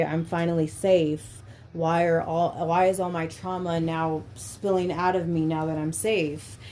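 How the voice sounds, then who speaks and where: A woman hosts a podcast in a casual, candid chat, swearing a lot and filling her speech with filler words. Her voice is low and mellow, with a faint hiss or hum in the audio.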